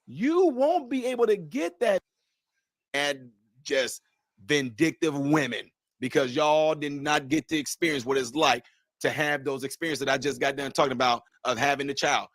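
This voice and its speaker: A man's voice: a little high, fairly bright tone, no echo, clean studio sound. Emphatic man doing livestream commentary. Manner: talks straight to viewers, repeats his points. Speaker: livestream host.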